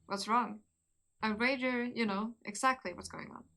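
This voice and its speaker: A woman's voice: on the high side, fairly even intonation, moderate pace, bright, forceful tone, soft background music. A woman voicing a defiant, mouthy female convict, scornful and sarcastic toward her captors. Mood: mocking.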